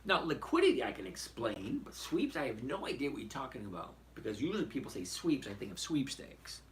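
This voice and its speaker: In a casual live stream about trading, a host reads viewers' questions aloud and gives blunt takes on the numbers in front of him. He has a mid-range, sing-song voice and talks a little fast, with a touch of hiss or hum.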